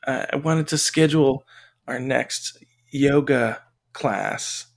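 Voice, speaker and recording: A man's voice: medium pitch, slow pace, creaky. A man putting on the voice of an overly polite female text scammer, sweet and apologetic, in a podcast retelling. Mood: sugary polite.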